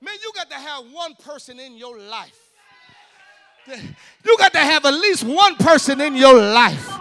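Male pastor, gravelly and bright, fervent sermon delivery in church. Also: very high-pitched, very animated, measured pace. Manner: fervent preaching, addressing the congregation directly. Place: church service.

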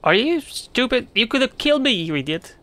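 A young heroine lashing out with quick, cutting insults, in a let's player's own voice. The tone is bright and pointed. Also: medium pitch, lively intonation, natural voice. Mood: snapping. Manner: snappy, insulting. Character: young glass girl heroine, sharp-tongued.

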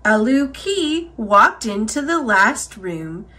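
This woman's voice leans high as she performs a children's picture book, choosing her pace deliberately and voicing it with expression.

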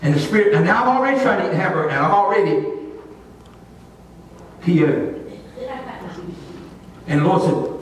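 A male pastor preaching a sermon, telling a folksy story in an animated way. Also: high-pitched, moderate pace, long pauses, a little hiss or hum. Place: church sanctuary. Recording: echoey church hall, distant mic.

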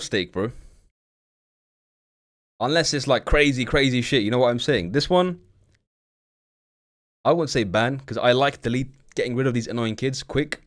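A man's voice: medium pitch, moderate pace, long pauses. A young man streaming live, blunt and slangy, swearing freely as he chats with viewers. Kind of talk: casual live-stream commentary.

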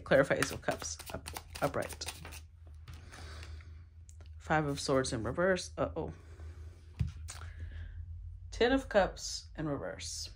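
A woman's voice: sits low, big pitch swings, slow, pauses often, fairly bright tone. Woman musing through a tarot reading. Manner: thinking aloud, breaks off with sighs and throat clearing. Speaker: tarot reader.

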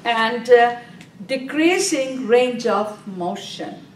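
Slow, echoey nursing lecturer woman. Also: fairly high pitch, expressive. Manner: slow, repetitive, quizzes the class and answers herself. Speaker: nursing exam instructor. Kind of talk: classroom lecture. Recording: echoey room, mic at a distance, faint background noise.

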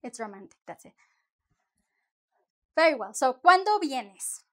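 High-voiced woman teaching. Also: big pitch swings, fairly bright tone. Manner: explains slowly, switching between examples and English. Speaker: Spanish teacher. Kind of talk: casual video lesson.

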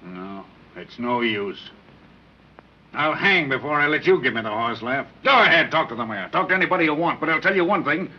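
A cocky slang-talking gangster. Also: male voice, medium pitch, expressive, husky. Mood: pushy. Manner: fast-talking, pushy street slang. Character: cocky gangster bargaining with police. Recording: dull 1930s film soundtrack with hiss.

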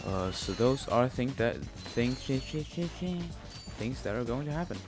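A man's voice: medium pitch, animated, a little slow, music in the background. A young man casually commenting on a video game he is playing, rambling and joking with lots of swearing. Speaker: gaming channel host. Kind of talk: casual let's-play commentary.

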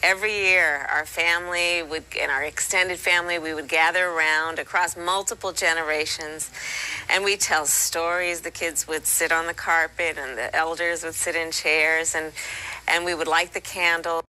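A woman speaks in a measured, storytelling way. Her voice is low for a woman yet bright and forward. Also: fairly even intonation, poor audio.

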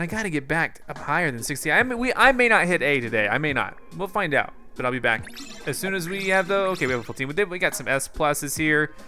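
A young man giving casual live commentary on his own gameplay, excitable and quick to break into loud frustration. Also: on the high side. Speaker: gaming YouTuber.

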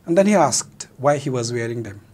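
A male teacher with a Manipuri accent walks through a play, switching between Meitei and English and stopping to gloss words. His voice is husky at an ordinary middle pitch. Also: animated, fairly quick, a little mellow. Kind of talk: explaining a play in a recorded lesson.

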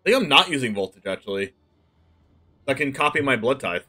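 A man commentating his own card game live, thinking aloud through plays and breaking into excited outbursts. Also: mid-range voice, brisk, soft background music. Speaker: streamer playing a card game.

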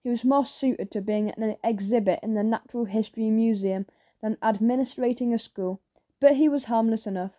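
Mellow woman reading a children's story. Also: a little high, brisk. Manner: lively storytelling with character voices. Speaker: audiobook narrator. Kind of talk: children's audiobook narration.

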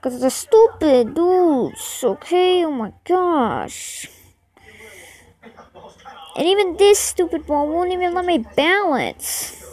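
A woman doing let's-play commentary, excitable and easily frustrated, talking to her viewers as she plays. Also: extremely high pitch, takes it slowly, rough recording. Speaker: gaming channel host.

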